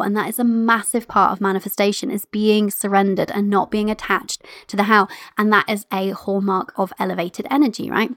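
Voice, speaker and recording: A woman in her thirties hosting a solo podcast, talking in a chatty, animated way and laughing often. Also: mid-range voice, a little fast, no echo, clean studio sound. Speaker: podcast host.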